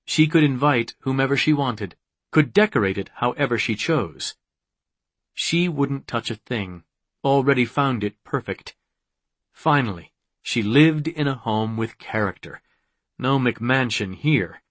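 A man reads novel narration in a measured, unhurried way. His voice sits at a middle pitch and moves slowly. The recording is dry and close with no room sound. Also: expressive, slightly rough, no room sound. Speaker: audiobook narrator. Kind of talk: scripted narration.

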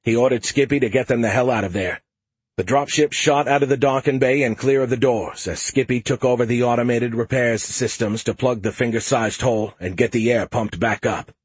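A man narrating a science fiction audiobook in the first person at a steady, measured pace. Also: mid-range voice, husky, no echo.

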